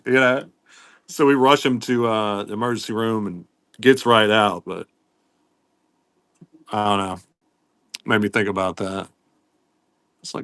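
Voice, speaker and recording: A man runs a casual live-stream sale, chatting and rambling as he greets viewers one by one. His voice sits at an ordinary middle pitch, and the sound is dry and close with no room echo. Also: animated, normal speed, pauses often, a bit bright. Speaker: live-stream pin seller.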